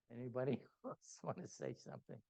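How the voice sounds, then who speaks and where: An older man with a gravelly voice tells a story at a spiritual gathering in a meeting hall. He's an animated anecdote teller who acts out quotes and laughs often. The recording is dry, dull and low-fidelity.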